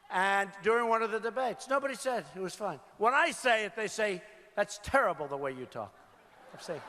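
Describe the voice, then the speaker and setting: A man's voice: high voice, bright, forceful tone. Emphatic man giving a rally speech. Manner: emphatic, repeats phrases, calls out to crowd. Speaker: political candidate. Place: large indoor rally venue. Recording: reverberant arena with crowd noise. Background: crowd murmur.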